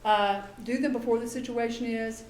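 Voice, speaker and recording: A woman with a slightly high voice gives a presentation to a room of parents. She is chatty and animated and acts out bits of dialogue as she goes. Her voice rings out in an echoey room over faint background noise. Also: moderate pace. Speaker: behavior specialist giving a talk to parents. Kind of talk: presentation to an audience.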